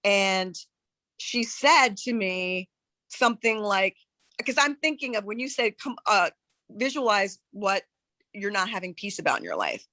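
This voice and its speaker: A woman on a live coaching call, talking in an earnest, searching way with many halting restarts. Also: mid-range voice, lively intonation, bright, forceful tone, dry recording. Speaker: coaching client.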